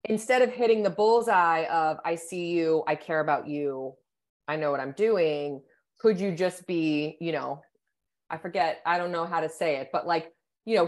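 A sports psychologist in a podcast interview lays out her ideas thoughtfully, frequently checking in with "right?" and "you know." Her voice sits low.

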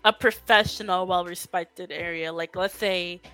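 Bright-voiced woman chatting bluntly. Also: fairly low pitch, fairly even intonation, normal speed, faint music behind, low-quality recording. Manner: laughing, blunt. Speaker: podcast co-host. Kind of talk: casual podcast chat.

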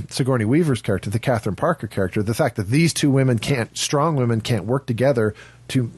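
A man's voice: mid-range voice, brisk, a little mellow, breathy edge, no room sound. A man on a film podcast giving strong opinions, emphatic and stumbling over his words as he builds a point. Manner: opinionated, emphatic, repeats words when starting. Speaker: podcast co-host. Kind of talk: casual film discussion.

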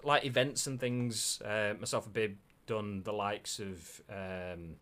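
Yorkshire man, lowish voice, rambling co-host reading viewer comments, casual. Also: fairly even intonation, slow pace, a bit bright. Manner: rambling, self-deprecating, lots of filler. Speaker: co-host of a gaming news show.

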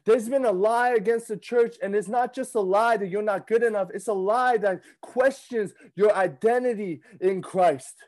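A man in his thirties preaching a sermon in a conversational, animated way, often repeating himself and acting out his own thoughts. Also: high-pitched, normal speed, few pauses. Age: 30s. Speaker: pastor.

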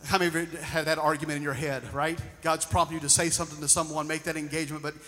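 A male pastor preaching a sermon, moving between loud emphatic lines and hushed storytelling. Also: on the high side, little pitch movement, fast. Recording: long reverb of a large hall.

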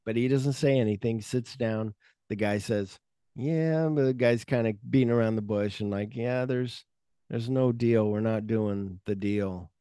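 A man hosting a movie podcast, talking casually and jumping into quick impressions of characters as he retells the plot. His voice rises and falls a lot, and the sound is close and dry, with no room echo. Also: medium pitch. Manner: animated retelling, acts out characters' lines; profane, uses fillers like "like". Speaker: podcast host.

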